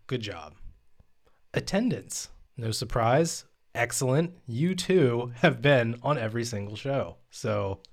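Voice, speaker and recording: A man co-hosting a podcast, delivering a joke performance review in a deadpan, mock-official manner. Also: mid-range voice. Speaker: podcast co-host. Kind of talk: casual podcast banter.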